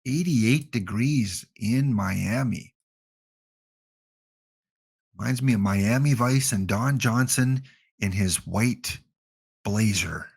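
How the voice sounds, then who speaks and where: A man's voice: on the low side, slow, gravelly, pauses often, a little mellow, husky. A man with a Canadian accent hosting a gaming livestream, chatting casually with jokey, rambling asides.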